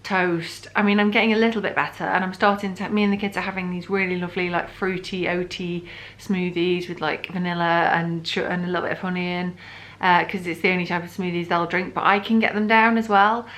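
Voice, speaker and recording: A woman's voice: lowish voice, little pitch movement, fairly quick, fairly bright tone. A woman in her thirties from the UK, talking through a casual pregnancy update vlog in a rambling, chatty way with lots of fillers and restarts. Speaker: vlogger.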